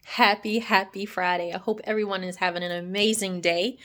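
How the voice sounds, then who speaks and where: A woman giving a casual devotional talk to her viewers, chatty and animated, often asking "right?" and acting out quoted voices. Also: brisk. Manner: acts out quoted voices, often drops soft and low. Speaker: faith vlogger.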